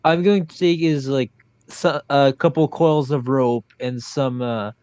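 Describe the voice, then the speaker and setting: A man's voice: medium pitch, steady tone, unhurried, darkish tone, clear, resonant tone, no echo. Hesitant man playing a tabletop game. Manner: hesitant, thinking aloud with restarts. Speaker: player.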